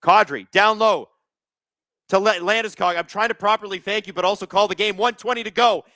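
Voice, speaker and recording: A man hosts a live hockey watch-along, chatting with viewers and calling the plays in casual live-stream commentary. His voice sits high, brisk and sharp-toned, with no room sound.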